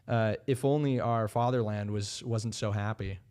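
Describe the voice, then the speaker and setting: A man in casual chat, slowly translating song lyrics aloud, hesitant and thinking as he goes. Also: fairly low pitch, steady tone, darkish tone, clear, resonant tone. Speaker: guest.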